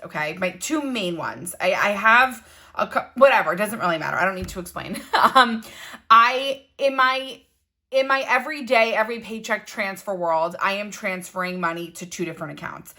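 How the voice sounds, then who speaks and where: A woman's voice: on the low side, bright, forceful tone. A young woman chatting casually to her viewers in a rambling planning tutorial, full of asides and fillers. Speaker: digital planning content creator.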